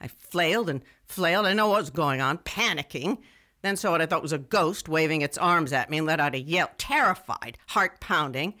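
A wry, self-mocking young radio writer, telling her own story in scripted first-person narration. Her voice is bright and forward, and she tends to wander off into digressions. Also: low-pitched, animated, moderate pace.

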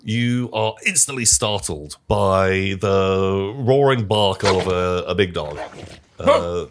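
Low-voiced man narrating as game master. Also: slow pace, background noise. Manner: relaxed, rambling with fillers.

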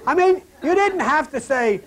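Male host, high voice, animated storyteller who laughs a lot and turns hushed and low on spiritual points. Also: background noise. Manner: animated storyteller, laughs through his stories; drops to a hushed, low, slow voice on spiritual lines. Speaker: host of a spiritual talk program. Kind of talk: rambling spiritual talk with personal anecdotes.

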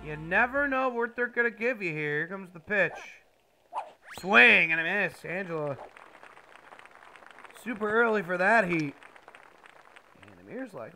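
A high-pitched man with a bright, sharp tone calls baseball video game action as a mock play-by-play announcer. He talks casually but swings into loud bursts of excitement. A faint background hiss sits under his voice. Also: measured pace, pauses often.

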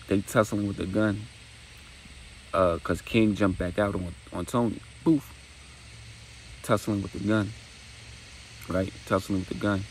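A man's voice: deep voice, slight background noise, rough recording. A man casually retelling a dramatic story, acting out dialogue and making sound effects.

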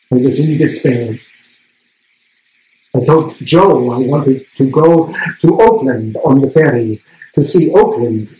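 A man playing a proud, determined Polish actress, telling her story slowly on stage in a Polish accent. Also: medium pitch, darkish tone, close to an everyday voice. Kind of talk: one-man stage monologue. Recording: roomy theatre stage sound.

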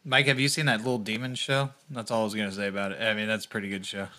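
A man's voice: lowish voice, flat delivery, very fast, sharp tone. A young man co-hosting a podcast, rambling in profane casual chat and laughing often. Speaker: podcast co-host.

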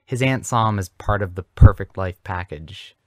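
A man's voice: sits low, normal speed, no echo, natural voice. A man doing a grave, earnest big man.

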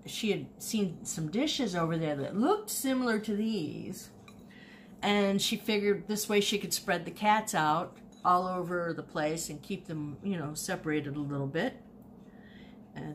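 A woman's voice: fairly low pitch, measured pace, a little hiss or hum. A woman, chatting casually and animatedly about her thrift finds, often repeating herself as she tells a story. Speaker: online reseller showing thrift finds. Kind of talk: casual haul video chat.

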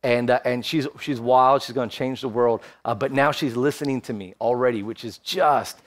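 A man's voice: medium pitch, fairly even intonation, moderate pace. A man in his thirties preaching a sermon as pastor, telling a personal story and building to fervent exhortation. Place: church, streamed online.

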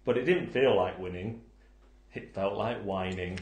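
A man's voice: on the low side, measured pace, roomy sound. A man hosting a board game countdown, reading out reviews and answering them with dry jokes and puns. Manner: wry, punning, jumps between joking and mock outrage. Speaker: board game channel host.

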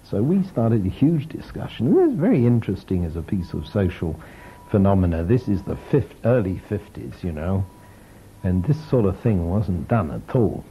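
A man's voice: on the low side, moderate pace, husky, rough recording. An older man giving an informal lecture, telling stories with a chuckle. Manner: lively storytelling, chuckling.

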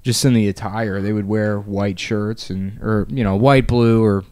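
A man's voice: fairly low pitch, steady tone, unhurried, warm tone, no echo. A young man hosting a comedy podcast, rambling and jokey with plenty of swearing. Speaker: podcast host. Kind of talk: casual comedy chat.

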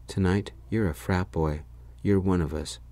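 Man playing a supportive frat-boy friend, whispering reassurance, deep low voice, whispered role-play. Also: fairly even intonation, unhurried, warm tone, no room sound. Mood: reassuring.

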